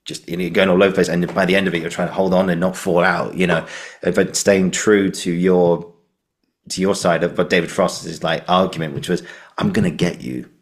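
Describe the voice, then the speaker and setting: A man's voice: low-pitched, flat delivery, a little fast. A man hosting a podcast interview, rambling loosely through stories with lots of fillers. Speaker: podcast host. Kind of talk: casual interview chat.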